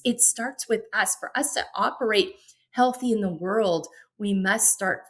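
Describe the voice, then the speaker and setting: A middle-aged woman hosting a solo self-help podcast, talking in a gentle, encouraging and reflective way and often restarting her sentences. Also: medium pitch. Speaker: podcast host and coach.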